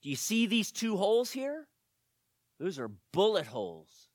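Man voicing an observant young man in a told story; plain, questioning, lively pitch. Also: measured pace, dry recording, studio quality, exaggerated voice. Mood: alert.

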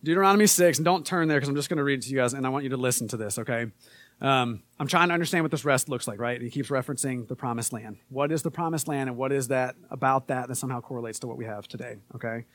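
A man giving a casual sermon in an easygoing, conversational way, dropping in fillers as he talks. His voice sits at an ordinary pitch for a man. The recording is close and dry, with no room echo. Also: quick pace. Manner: conversational, relaxed, with frequent fillers. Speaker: pastor.

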